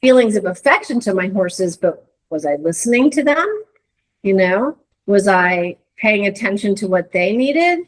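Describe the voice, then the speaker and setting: A middle-aged woman, a guest in a conversation, telling a reflective story with many restarts and searching pauses. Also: medium pitch, big pitch swings, low-quality recording. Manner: earnest, searching, lots of hedges and restarts. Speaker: interview guest.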